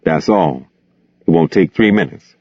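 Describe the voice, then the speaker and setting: Guy reading a blunt slangy young hustler, deep low voice, flat dull recording. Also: unhurried, no echo, exaggerated voice. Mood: persuading. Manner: blunt, slangy, clipped dialect. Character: young man, streetwise, restless and scornful.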